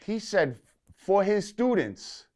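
A man's voice: high voice, big pitch swings, slow, mellow. A man with a New York accent, a guest in a casual interview, telling a loose, profane story.

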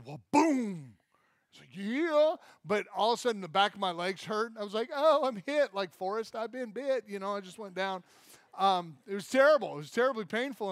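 A man preaching a sermon as pastor, telling a funny story from childhood with lively acted-out quotes. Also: high-pitched, no echo, studio quality. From Michigan. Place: church.

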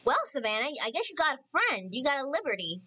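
Lively, bright-voiced woman gaming host. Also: high voice, quick pace, a little hiss or hum, rough recording. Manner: chatty, excitable, apologetic, thinks aloud while playing. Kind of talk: casual let's-play commentary.

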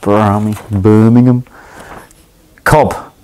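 Relaxed low-voiced London man. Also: very slow, slight background noise, poor audio. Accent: London English. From England. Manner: relaxed, chatty, laughs easily, many ums and restarts. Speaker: footballer. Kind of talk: casual explanation of slang to camera.

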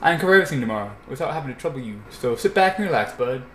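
A man's voice: medium pitch, lively intonation, very fast, a bit bright, a little hiss or hum, natural voice. A man voicing a friendly adult male ranch hand in a put-on American Southern drawl, in a roomy-sounding recording. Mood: easygoing. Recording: roomy echo.

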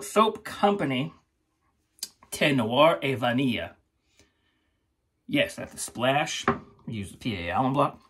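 Husky guy doing a casual shave review on his channel, rambly and laughing a lot. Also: mid-range voice, fairly bright tone. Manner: rambling, chatty, laughs often. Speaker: shaving channel host. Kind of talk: casual product review vlog.

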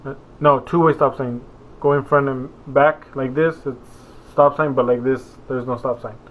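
A man's voice: mid-range voice, steady tone, moderate pace. Rambling young man on a tinny phone-like line. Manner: meandering, full of fillers and self-corrections. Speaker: vlogger. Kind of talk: rambling casual vlog. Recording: phone-like narrow sound.

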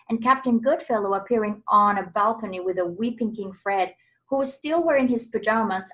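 Teacher lady reading a kids' novel out loud, expressive storytelling. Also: medium pitch, low-quality recording. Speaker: preschool teacher, guest reader. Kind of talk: reading a children's novel aloud.

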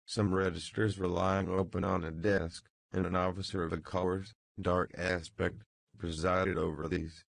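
A man reading a classic novel aloud as an audiobook narrator, in a measured, even manner. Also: low voice, gravelly, dry recording.

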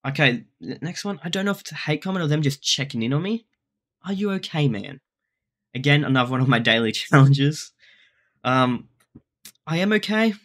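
A man's voice: mid-range voice, fairly quick, fairly bright tone. Rambling Australian man vlogging. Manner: rambling, self-deprecating, frequent restarts. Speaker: YouTuber. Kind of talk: casual vlog commentary.

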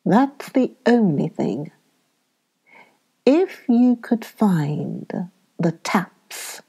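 A woman voicing a sleepy old male knight who talks slowly and drifts into whispers. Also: mid-range voice, very animated, warm tone, breathy edge, exaggerated voice. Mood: drowsy. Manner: drowsy, slow, trailing into whispers.

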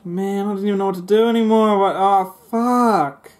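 A man's voice: high-pitched, fairly even intonation, moderate pace. A young man commentating a video game, swearing and grumbling with sarcastic frustration. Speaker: gaming YouTuber. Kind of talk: let's play commentary.

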